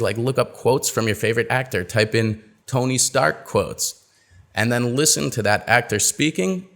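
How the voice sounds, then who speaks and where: A man giving an online pronunciation lesson as a coach, explaining patiently and saying example phrases slowly and clearly. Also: mid-range voice, a bit bright. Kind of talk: webinar lesson.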